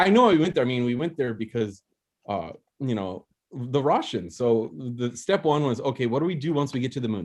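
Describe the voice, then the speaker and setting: A young man performs a loose, rambling comedy bit as host of an online open mic. He keeps mocking himself and breaking into laughter, heard through a video call, his pitch sitting in an ordinary middle range. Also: darkish tone. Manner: rambling, self-mocking, frequent laughter and restarts.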